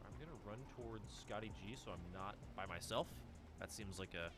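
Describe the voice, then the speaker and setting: A man chatting casually with teammates while playing a game live, prone to excited outbursts. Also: lowish voice, brisk, background noise. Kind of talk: casual gaming chat.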